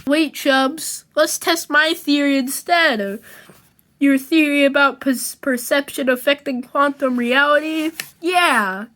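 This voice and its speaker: A woman voicing an earnest, brainy young male comic-book hero who muses quickly. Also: high-pitched, steady tone, fairly bright tone. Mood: musing.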